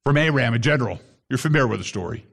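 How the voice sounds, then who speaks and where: A man preaching a sermon to a congregation, emphatic, with bursts that rise sharply in pitch. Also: animated, rapid-fire, gravelly, fairly bright tone. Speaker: pastor.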